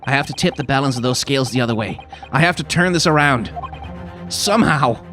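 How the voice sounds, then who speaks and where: A man's voice: medium pitch, animated, brisk, bright, forceful tone, soft background music. A man voicing a young male defense lawyer, anxious but determined, thinking aloud. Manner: worried inner monologue.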